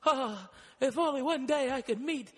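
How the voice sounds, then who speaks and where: A man doing a cocky streetwise dog, shrill and loud, reverb-heavy room. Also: moderate pace, slightly rough. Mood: adoring. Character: cocky male dog, brash streetwise pet.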